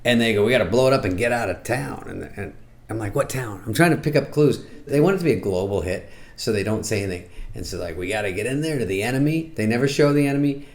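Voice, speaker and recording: A middle-aged man talks through a movie in a dry, sarcastic, offhand way. His voice sits low and deep. He keeps breaking into quick, squeaky impressions before dropping back to his flat delivery. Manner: deadpan, sarcastic, jumps into squeaky put-on voices. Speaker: comedian reviewing a movie. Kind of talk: casual comic monologue.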